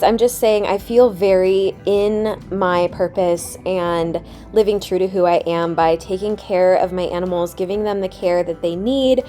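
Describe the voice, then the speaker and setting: A young woman with a mellow voice on the low side hosts a vlog, giving a tender, emotional voiceover in a gushing, heartfelt way. The voiceover was recorded separately from the footage.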